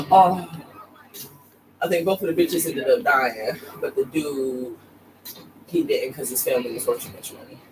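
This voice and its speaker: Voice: mid-range voice, unhurried, recorded from a distance, music in the background, low-quality recording. A podcast co-host telling a story in casual, slangy, profane chat.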